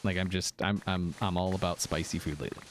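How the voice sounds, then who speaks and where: A man's voice: low-pitched, fast talker, slight background noise. A man streaming casually while gaming, rambling and interrupting himself as he chats. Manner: rambling, animated, self-interrupting.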